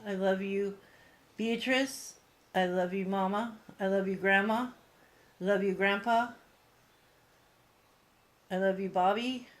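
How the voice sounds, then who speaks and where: A woman hosting a paranormal investigation, earnestly and warmly addressing spirits during a ghost box session. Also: medium pitch, fairly even intonation, slow, long pauses.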